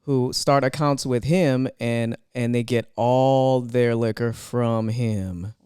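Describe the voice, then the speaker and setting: Slow-talking man with a smooth voice. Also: medium pitch, steady tone, dark tone, no room sound, studio quality. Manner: unhurried, measured delivery with laughing asides. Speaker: podcast co-host and bartender. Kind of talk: casual chat.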